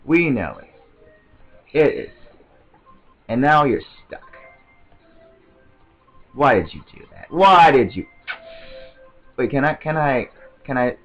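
A man giving casual, excitable gameplay commentary, rambling to himself and often stammering over restarts. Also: mid-range voice, measured pace, pauses often, highs cut off, soft background music. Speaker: let's play commentator.

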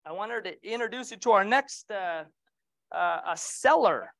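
A man's voice: sits high, expressive, a little slow, vocal fry, fairly bright tone, dry recording. A middle-aged man leading a real estate training session, casual and joking, asking the group questions.

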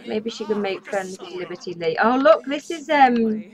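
A woman's voice: medium pitch, animated, normal speed. A woman hosting a let's play, giving casual, chatty commentary and talking to the characters on screen. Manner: chatty, talks to the game characters. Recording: slightly dull lo-fi audio.

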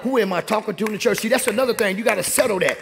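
A young man preaching a sermon in a church, calling out to the congregation and rising to shouts. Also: high-pitched, very fast, creaky. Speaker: pastor. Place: church sanctuary.

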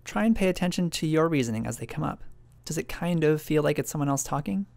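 A man's voice: fairly high pitch, lively intonation, quick pace, vocal fry, a little mellow, no room sound. A man narrating a reflective video essay, musing and questioning himself as he thinks aloud.

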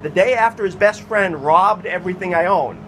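Brief: high-voiced man, heated and profane, telling his side over loud background noise. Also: normal speed. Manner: agitated, profane, insistent. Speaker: homeless activist telling his story. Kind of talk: recounting events to an official.

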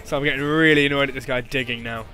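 A man's voice: medium pitch, fairly even intonation, fast talker, pushed and bright, soft background music. A man doing gameplay commentary, frustrated and exclaiming at the game. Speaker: gaming commentator.

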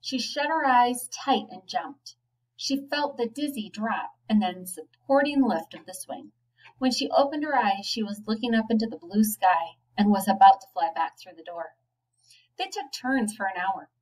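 A woman, a teacher, reading a children's novel aloud, giving the children's lines a lively lift. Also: mid-range voice, normal speed, far from the mic, rough recording. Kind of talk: storybook read-aloud.

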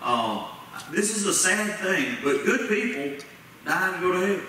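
A man's voice: sits high, lively intonation, unhurried, bright, forceful tone. A man preaching a sermon as pastor, folksy and plain-spoken, putting questions to the congregation. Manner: folksy preaching with Southern-style grammar, asks the congregation questions. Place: church sanctuary. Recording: echoey church sanctuary from far off, faint noise.

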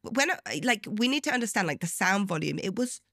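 A woman's voice: medium pitch, very animated, brisk, fairly bright tone, no room sound, clean studio sound. A woman co-hosting a casual chat podcast, chatty and laughing often. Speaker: podcast co-host.

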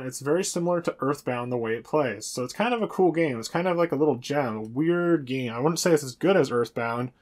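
A man's voice: fairly high pitch, a little mellow. A man hosting a casual video tour of his game room, talking in a rambling, hesitant way with frequent fillers. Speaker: retro game collector and channel host.

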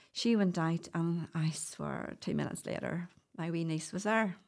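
A woman's voice: fairly low pitch, moderate pace, hardly any pauses, darkish tone. A middle-aged woman with a Northern Irish accent, chatting as a podcast guest and telling stories with frequent laughs. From Northern Ireland. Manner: chatty, storytelling, laughs often. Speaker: guest doula. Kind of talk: casual podcast interview.

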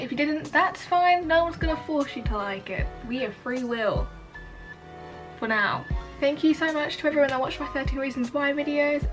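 Bubbly young woman reacting to a show. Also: high-pitched. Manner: gushing, exclamatory, chatty. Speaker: reaction video host. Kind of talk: casual reaction commentary. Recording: voice over show audio with music.

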